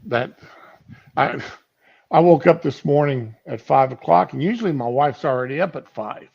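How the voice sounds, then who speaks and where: A man's voice: a little high, moderate pace, creaky, darkish tone. A man chatting casually on a stream, rambling with fillers as he talks about cooking and home life. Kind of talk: casual chat. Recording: lo-fi stream audio.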